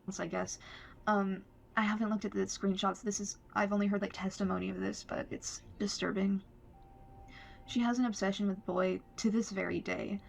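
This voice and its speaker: A woman giving a personal account in a flat, hesitant way. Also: medium pitch, normal speed, vocal fry, a little hiss or hum. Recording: faint music behind. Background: faint music.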